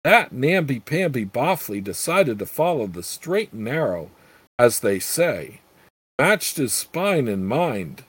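A man's voice: mid-range voice, very animated, slow pace, fairly bright tone, breathy edge, no echo, full character voice. A man voicing a crude, scheming old female witch with brash, earthy talk. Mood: scornful.

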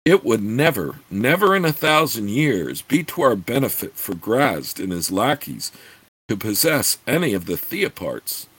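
A man voicing an ancient scheming witch woman who speaks in a measured, formal way. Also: fairly low pitch, sing-song, fairly bright tone, breathy edge, exaggerated voice.

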